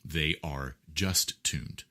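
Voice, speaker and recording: Interview guest, man, very low voice, lecturing explainer with lots of fillers. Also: very slow, creaky, pushed and bright. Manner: lecturing, with many fillers and rhetorical checks. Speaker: guest musician.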